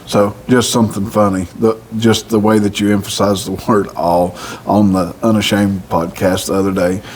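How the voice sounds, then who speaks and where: A man's voice: fairly low pitch, little pitch movement, normal speed, a little mellow, a little hiss or hum. A man co-hosting a casual faith conversation, telling anecdotes with an affirming, chuckling manner.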